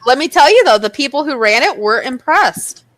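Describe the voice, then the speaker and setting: This young woman co-hosts a podcast in easy, casual chat, her voice bright and a little high. She swings her pitch all over as she acts out every line she quotes, and the sound is close and dry. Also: moderate pace, no echo. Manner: animated storytelling, acts out quotes. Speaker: podcast co-host.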